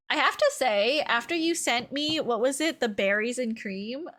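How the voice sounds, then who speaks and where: A woman's voice: sits high, sing-song, unhurried, fairly bright tone, a little hiss or hum. A young woman streaming a game, chatting casually, laughing often and reading character lines in mock-serious voices.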